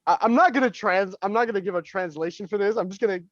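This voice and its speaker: A man playing a tabletop game who laughs often and talks in a lively way. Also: high voice, fast, no room sound, dull audio. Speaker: player. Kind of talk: tabletop role-play chat.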